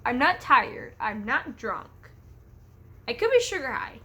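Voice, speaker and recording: Speaking unhurriedly in a slightly high, bright, sing-song voice with a forceful tone, a young vlogger rambles through a story while jittery from caffeine. She giggles a lot, curses openly, and is easily distracted. The setting is a room in her home, where a pet bird is present.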